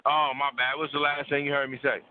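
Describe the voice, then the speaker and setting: A man's voice: mid-range voice, little pitch movement, fast talker. Blunt, preachy man on a tinny line. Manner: preachy, blunt, profane, repeats words for stress. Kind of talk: casual call-in talk about relationships.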